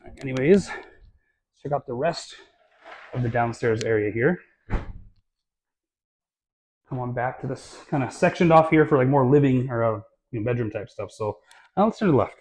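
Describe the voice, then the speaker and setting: A man's voice: medium pitch, brisk, slight background noise. Chatty man giving a home tour. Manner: chatty and relaxed, filler-heavy, self-correcting. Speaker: real estate vlogger. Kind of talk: casual home tour walkthrough. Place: inside a new house, walking through rooms. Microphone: handheld camera mic.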